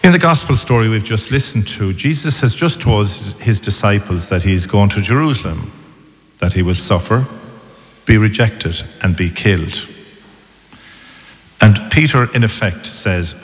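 A man, a priest, giving a measured, reflective sermon. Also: on the low side, animated. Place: church. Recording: long church reverb.

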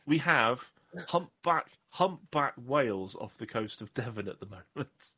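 A man's voice: mid-range voice, expressive, measured pace, bright, forceful tone, breathy edge. A man from Southwest England, co-hosting a podcast in casual, jokey chat and often tripping over his words. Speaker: podcast co-host.

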